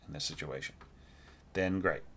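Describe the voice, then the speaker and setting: A man teaching orchestration, giving a relaxed spoken evaluation of a student's score while thinking aloud and humming phrases on nonsense syllables. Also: extremely low pitch, normal speed, slightly rough.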